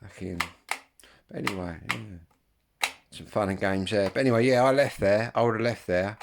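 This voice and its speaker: Man, 50s, very low voice, rambling casual chat, swears a lot. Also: normal speed, vocal fry, heavy background noise. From Kent, England. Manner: rambling, frequent ums, swears freely. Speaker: vlogger.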